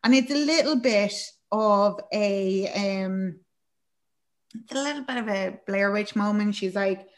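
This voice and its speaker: A chatty woman talks through a film's plot in a relaxed, casual way. She fills her recap with ums and likes, and she briefly acts out the characters' lines. Her voice sits at an ordinary middle pitch. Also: unhurried. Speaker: podcast co-host.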